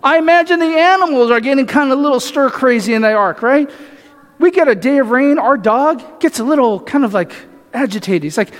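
A man's voice: extremely high pitch, lively intonation, brisk. A male pastor preaching a sermon, asking the congregation rhetorical questions and often adding "right?". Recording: echoey hall reverb.

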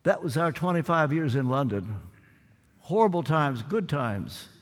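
An older man delivers a sermon in earnest, repeating phrases for weight. His voice sits high and unhurried. A long reverb trails each phrase through the hall. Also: big pitch swings. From United States. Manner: earnest, dramatic pauses and repetition. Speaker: preacher.

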